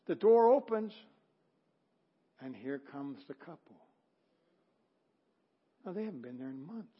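Male pastor telling a lively story. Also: on the high side, a little slow, breathy edge, highs cut off. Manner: animated storytelling, acting out quotes, swings from loud to hushed. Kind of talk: sermon. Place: church sanctuary.

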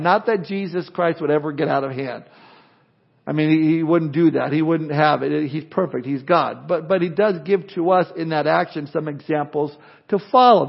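An older man preaching a sermon as pastor, in a lively conversational way with frequent restarts. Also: high voice. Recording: dull lo-fi recording.

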